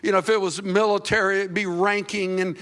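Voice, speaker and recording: A man preaching a sermon as pastor, talking conversationally and teasing the congregation, then acting out quotes in sudden high, loud bursts. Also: flat delivery, brisk.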